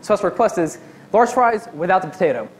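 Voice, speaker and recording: A man's voice: sits high, very animated, fairly quick. A young man on stage doing stand-up, spinning a long story about a chaotic shift. He slips in and out of quoted lines, with a touch of faint background noise. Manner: storytelling, acts out quotes in his own voice. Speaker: stand-up comedian. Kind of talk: stand-up comedy routine.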